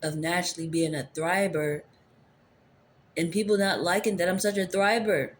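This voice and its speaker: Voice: mid-range voice, moderate pace, a little hiss or hum. An adult tarot reader giving a casual, rambling spiritual reading into a phone camera, returning to the same phrases. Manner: rambling, repeats favorite phrases.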